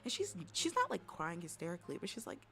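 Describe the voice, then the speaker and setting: A woman streamer at home on a desk mic, telling a story to her chat in a profane, dramatic way, swinging from loud outbursts to hushed whispers. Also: on the low side, huge pitch swings, fast, a little hiss or hum. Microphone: desk microphone.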